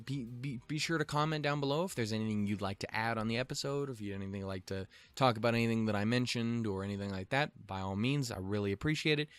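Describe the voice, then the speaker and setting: A man's voice: lowish voice, fairly bright tone. A young man casually recapping and reviewing an episode, with lots of cursing, fillers and jokes. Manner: profane, filler-heavy, joking. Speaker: show review vlogger.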